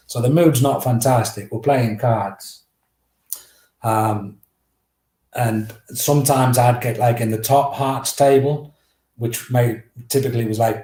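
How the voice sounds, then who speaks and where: English man guest, animated yarn-spinner, roomy echo on the voice. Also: mid-range voice. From England. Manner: animated, swears freely, acts out teammates' shouts. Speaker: guest author. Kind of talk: storytelling anecdote.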